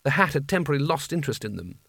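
A man's voice: a little high, sing-song, very fast, creaky, fairly bright tone, slightly rough, no room sound. A man narrating a comic fantasy audiobook in a dry, wry storytelling manner. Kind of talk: scripted narration.

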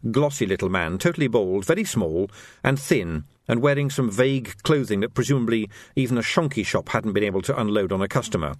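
A man's voice: dry recording, clean studio sound. A man narrating a story expressively as an audiobook reader. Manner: expressive storytelling, varied pitch.

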